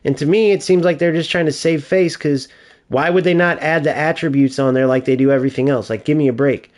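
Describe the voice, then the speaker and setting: A fairly high-voiced man streaming a video game and talking over it. He rants in loose, profanity-heavy commentary. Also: fairly even intonation, a little fast, darkish tone. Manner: profane, ranting. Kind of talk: casual gameplay commentary.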